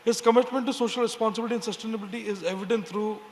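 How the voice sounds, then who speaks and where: A man moderating a conference panel, introducing the speakers in a measured, formal way with frequent hesitations. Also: high voice, steady tone. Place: conference stage. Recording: reverberant hall with faint noise.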